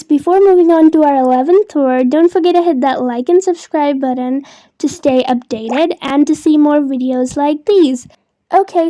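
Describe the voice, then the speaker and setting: High-voiced young woman teaching pronunciation. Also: dark tone. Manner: clear, deliberate, repeats words slowly. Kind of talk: explanatory video lesson.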